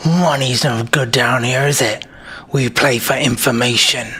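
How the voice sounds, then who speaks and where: A man's voice: medium pitch, steady tone, measured pace, sharp tone. A man voicing a huge, tough male bugbear who bosses his bowling team around in a tabletop game. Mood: gruff.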